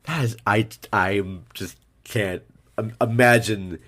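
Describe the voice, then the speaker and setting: A man talking casually about a film in a rambling podcast chat, with lively asides. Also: fairly low pitch, takes it slowly, a little hiss or hum. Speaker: podcast guest.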